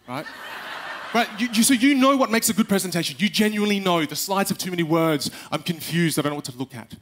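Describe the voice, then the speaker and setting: A young man giving a live talk on stage, animated, acting out little quotes and speaking straight to the audience. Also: sits high, fast, slight background noise. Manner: animated, acts out quotes, addresses the audience directly.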